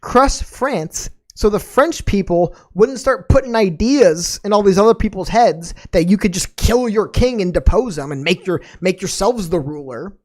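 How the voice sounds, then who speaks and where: A woman's voice: medium pitch, lively intonation, moderate pace, hardly any pauses, darkish tone. A woman hosting a podcast in casual chat, rambling off on tangents with a slangy, laid-back manner and plenty of fillers and restarts. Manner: laid-back and slangy, calling listeners dude and man. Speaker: podcast host.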